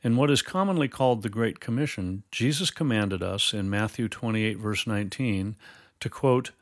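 A man teaching Bible doctrine in a measured, explanatory way, quoting scripture formally. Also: lowish voice, no room sound, clean studio sound. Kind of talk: scripted theological dialogue.

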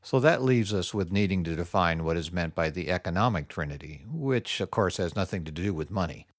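A man co-hosting a Bible discussion, speaking deliberately and summarizing points. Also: low voice, animated, dry recording, clean studio sound. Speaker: co-host. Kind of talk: scripted theological dialogue.

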